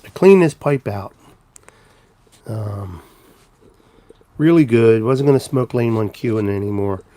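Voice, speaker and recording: Carrying a handheld camera around his home, this livestream host rambles casually and greets viewers by name. He speaks a little slowly in a lowish, dark voice, and there's no echo.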